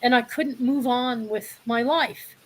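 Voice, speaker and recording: A woman's voice: a little high, steady tone, measured pace. A woman in her sixties speaking bluntly and passionately in a candid live discussion. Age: 60s. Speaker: panel guest.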